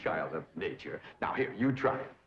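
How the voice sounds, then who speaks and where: A pompous, theatrical suitor. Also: male voice, a bass voice, very animated, moderate pace, slightly rough, full character voice. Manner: grandiose and theatrical, overly elocuted. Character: pompous, affected young man playing refined gentleman. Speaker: pompous suitor teaching etiquette. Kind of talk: 1960s sitcom acting. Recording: dull old TV soundtrack with hiss.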